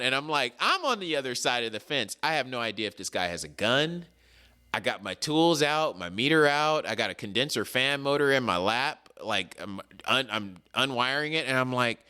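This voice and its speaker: A man telling a story in a casual chat, animated and slangy, acting out the people in it. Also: medium pitch, normal speed, clear, resonant tone. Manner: animated, acts out the people in his stories. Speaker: podcast co-host.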